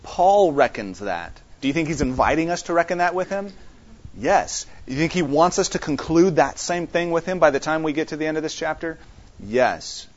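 A man's voice: on the high side, animated. A man teaching an interactive Bible study, repeating his main points, checking in with his listeners and often restarting his sentences. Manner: halting, with frequent restarts. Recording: dull lo-fi recording.

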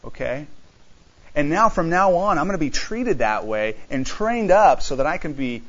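A man preaching a sermon, animated and full of rhetorical questions, reading scripture aloud. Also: fairly high pitch, normal speed, highs cut off.

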